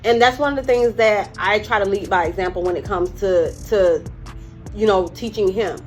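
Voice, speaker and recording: A woman's voice: mid-range voice, moderate pace, darkish tone, faint music behind. A woman in her forties, a firearms instructor, telling her story candidly in a casual interview. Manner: candid storytelling, breaks into laughter retelling.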